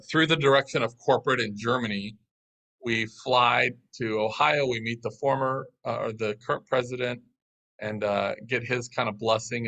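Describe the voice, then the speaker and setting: A man telling a business story as an interview guest, in a lively, anecdotal way. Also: mid-range voice, creaky, poor audio.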